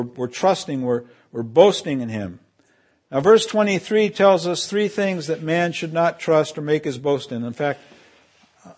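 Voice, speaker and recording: Emphatic preaching man, lively delivery. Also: on the high side. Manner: emphatic preaching, swelling loud on key phrases and dropping to asides; leads congregation in call and response. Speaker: pastor. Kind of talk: sermon.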